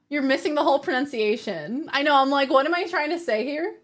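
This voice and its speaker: A woman's voice: sits high, lively intonation, fairly quick, few pauses, fairly bright tone. A woman livestreamer in casual chat, reading her viewers' messages aloud and laughing often.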